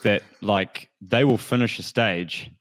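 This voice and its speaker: A man co-hosting a casual podcast, chatting in a relaxed, wry way. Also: lowish voice, slow. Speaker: podcast co-host. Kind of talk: casual chat.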